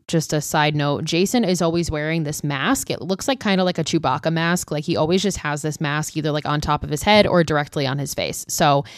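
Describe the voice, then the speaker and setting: A woman's voice: sits low, smooth, no room sound, studio quality. A young woman hosting a podcast, recapping a film in a loose, chatty way with lots of filler words and casual swearing. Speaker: podcast host.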